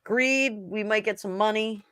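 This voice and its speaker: A woman's voice: mid-range voice, measured pace, fairly bright tone, clean tone. A woman from New Jersey co-hosting a tarot show in casual, joking chat, laughing often. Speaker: tarot reader co-host.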